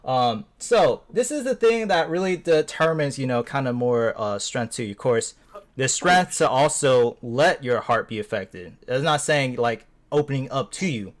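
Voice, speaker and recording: A man's voice: medium pitch, animated, measured pace. A man with a mid-range voice talks through his feelings in a casual gaming chat. He rambles earnestly and leans on fillers like "like" and "you know.". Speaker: gamer in a voice chat. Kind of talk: casual chat, explaining himself.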